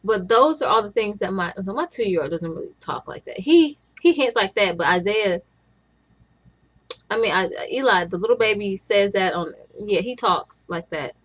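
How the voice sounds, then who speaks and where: A woman's voice: mid-range voice, animated, normal speed, a bit bright. A young woman, a stay-at-home mom, chatting casually to camera in a rambling way, often restarting her sentences.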